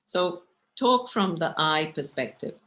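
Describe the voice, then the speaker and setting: A woman meditation teacher giving a relaxed talk with slides, speaking in a conversational way that often checks in with the listener. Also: on the low side, slow. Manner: expressive, gestures while speaking.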